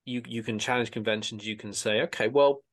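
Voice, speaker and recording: A man's voice: lowish voice, flat delivery, fairly quick, fairly bright tone. A man hosting a casual podcast discussion, talking in a rambling way with many restarts and repeated words.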